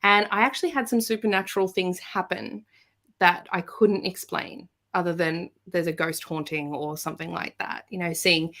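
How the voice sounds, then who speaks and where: Animated woman telling a personal story. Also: lowish voice, normal speed. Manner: animated, acts out quoted voices. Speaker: podcast guest. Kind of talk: casual storytelling.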